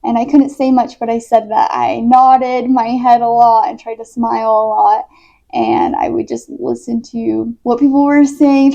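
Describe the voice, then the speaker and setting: A woman's voice: a little high, vocal fry, dark tone. A young woman from the United States, a missionary, telling a story in a casual vlog. She is chatty, uses lots of "like" fillers and laughs easily. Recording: dull lo-fi recording.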